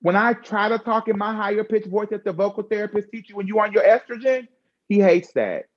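A woman talking candidly in a conversational chat, frank and expressive with slangy asides. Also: medium pitch, a little fast, muffled recording.

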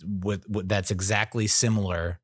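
A man's voice: fairly low pitch, fairly even intonation, normal speed, no room sound, clean studio sound. A man in his thirties telling a casual story as a podcast host, rambling and self-interrupting with wry, jokey asides.

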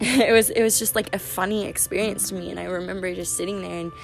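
A woman's voice: fairly low pitch, fairly even intonation, quick pace, vocal fry. A young adult woman hosting a faith-based podcast, chatting in a rambling way full of "like" and "um" as she tells personal stories. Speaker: podcast host. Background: music.

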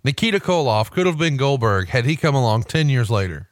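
A man co-hosting a podcast in casual chat, blunt and profane, with animated banter. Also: medium pitch, fairly quick, dry recording, clean studio sound. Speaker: podcast co-host.

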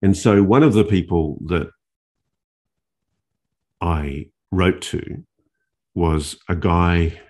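A male journalist telling a story in an interview, animated, with restarts and dramatic pauses. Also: sits low. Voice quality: gravelly, husky.

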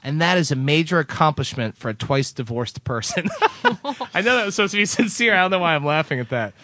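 A man hosting a podcast, reading listener letters aloud in a casual, animated way and laughing now and then. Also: fairly high pitch, fast, no room sound.

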